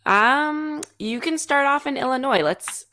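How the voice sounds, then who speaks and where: A woman's voice: high-pitched, expressive, a little slow, bright, forceful tone, a little hiss or hum. A woman from Massachusetts co-hosting a casual podcast, easygoing and agreeable. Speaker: podcast co-host. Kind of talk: casual chat.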